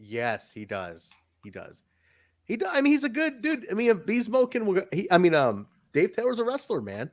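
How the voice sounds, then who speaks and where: Lively, laid-back male podcast host. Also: high voice, moderate pace, no room sound, studio quality. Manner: laid-back, joking, swears freely. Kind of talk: casual review chat.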